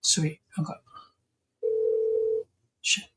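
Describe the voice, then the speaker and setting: A California real estate investor hosts a live call session, chatting with a seller in a casual, friendly, easygoing way. His speech is extremely slow, and there's heavy background noise.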